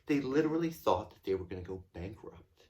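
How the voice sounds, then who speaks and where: A man, a tour guide, telling a story to his children at home in a playful, animated way. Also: lowish voice, a little fast. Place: home during lockdown.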